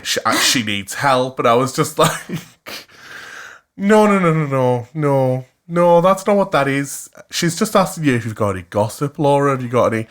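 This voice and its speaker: A flamboyant young man from West Cumbria with a broad Cumbrian accent, chatting on a podcast in a middle-pitched voice. He tells stories with plenty of laughs and leaps up in pitch whenever he quotes someone. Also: a bit bright. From West Cumbria, England. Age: 20s. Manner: laughs often. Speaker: podcast co-host. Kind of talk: casual chat, storytelling.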